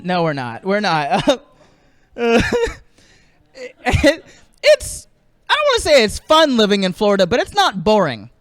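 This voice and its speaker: A man's voice: high-pitched, wildly swooping pitch, slow, long pauses, fairly bright tone, no echo. A stand-up comedian from the American South, rambling through a set and laughing at his own jokes in a small streaming studio.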